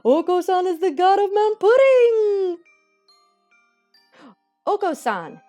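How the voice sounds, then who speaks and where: A woman voicing a pompous pigeon who thinks he is the god of pudding, squawking and shouting bombastic proclamations. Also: sing-song, slow, soft background music, full character voice. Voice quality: shrill cooing squawks.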